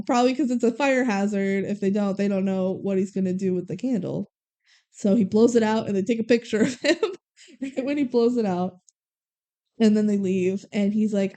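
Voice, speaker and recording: A woman's voice: medium pitch, moderate pace, dark tone. A woman co-hosting a podcast, casually retelling a movie's plot and quoting the characters. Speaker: podcast co-host. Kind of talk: casual movie recap chat.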